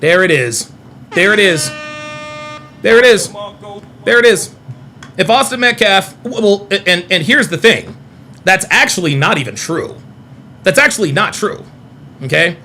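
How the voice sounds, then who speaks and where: A man hosting a live stream in a very high, bright voice that swings widely in pitch. He argues in a combative way, repeating lines and swearing freely. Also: expressive, unhurried, long pauses, slight background noise. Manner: combative, repetitive, profane. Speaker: host of a live call-in stream. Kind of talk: heated live stream commentary.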